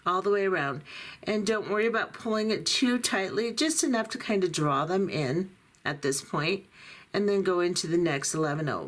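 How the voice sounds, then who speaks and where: A middle-aged or older woman giving patient, step-by-step beading instructions while she works with her hands. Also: fairly low pitch. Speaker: beading tutorial host.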